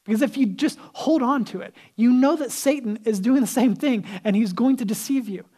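A man's voice: extremely high pitch, fairly quick, dark tone. A male pastor preaching a sermon in a casual, conversational way, acting out the people he quotes and dropping to a whisper for emphasis.

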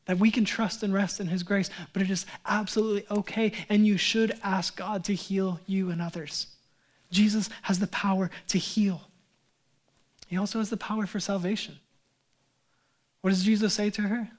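A male pastor preaching a sermon in an earnest way, rising to loud emphatic runs and dropping to soft low lines, often restarting and repeating words. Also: little pitch movement, moderate pace.

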